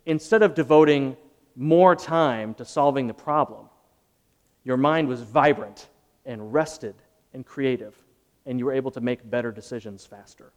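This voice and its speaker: A man preaching a sermon as pastor, earnest and conversational, swelling louder at dramatic moments. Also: medium pitch. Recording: long hall reverb.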